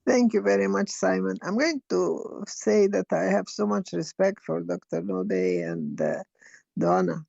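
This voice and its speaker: A woman's voice: mid-range voice, big pitch swings, unhurried, gravelly, dark tone, no echo, highs cut off. An older woman from Egypt, sharing personal stories in a casual online discussion. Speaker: guest speaker.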